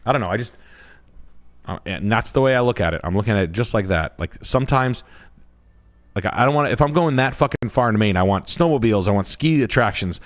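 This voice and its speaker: A man's voice: lowish voice, lively intonation, fast. A man hosting a live stream as a realtor, talking in a rambling, blunt and profane way. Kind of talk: casual livestream chat.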